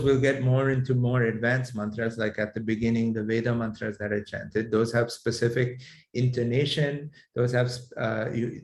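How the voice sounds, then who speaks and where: A man teaching a class on mantra healing, explaining in a measured way with frequent fillers and restarts. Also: medium pitch. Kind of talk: lecturing to a class. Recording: echoey room sound.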